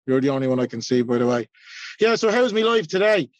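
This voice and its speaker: A man's voice: mid-range voice, very animated, fast talker, no echo, lo-fi sound. An Irish man in his forties giving a blunt, self-mocking personal share at a recovery meeting, swearing freely. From Ireland. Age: 40s.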